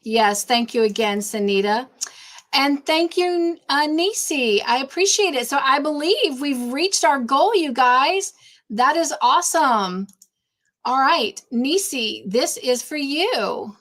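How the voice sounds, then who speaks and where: A woman hosts a casual live stream, her voice sitting a little high. She greets each viewer by name with effusive warmth and often gets sidetracked between tasks. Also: expressive, slow pace. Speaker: livestream host.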